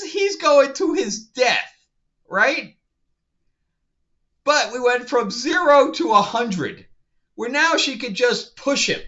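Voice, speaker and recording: In a casual rant, a man with a very high-pitched, sharp voice reviews a TV show, sounding incredulous and exasperated and laughing often. The sound is dull and lo-fi.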